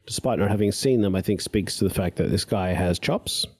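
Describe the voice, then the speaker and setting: Mellow-voiced man bantering. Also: sits low, slightly rough. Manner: joking, quick banter. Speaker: podcast co-host. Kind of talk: casual chat.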